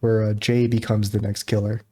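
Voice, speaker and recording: A man's voice: lowish voice, flat delivery, moderate pace, warm tone. A man co-hosting a podcast in casual, joking chat, acting out movie scenes in little voices. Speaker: podcast co-host.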